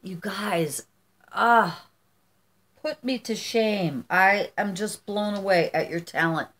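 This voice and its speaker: A woman's voice: medium pitch, takes it slowly, a bit bright. A middle-aged woman from the United States chatting casually on her vlog as she opens fan mail, gushing and rambling with many restarts. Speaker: vlogger.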